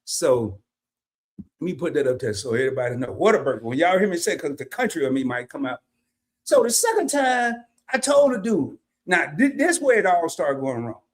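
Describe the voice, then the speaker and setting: A man's voice: fairly high pitch, very animated, fairly quick. A man, telling a casual story on his live stream and greeting chatters by name.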